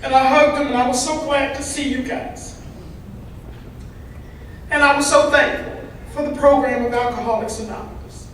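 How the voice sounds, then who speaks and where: Woman voice interpreter, medium pitch, easy humorous storyteller, picked up from far back in a very echoey hall. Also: fairly even intonation, normal speed, long pauses, a bit bright, slight background noise. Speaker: voice interpreter for a signed recovery talk. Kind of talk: first-person interpreted speaker talk. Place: large convention hall.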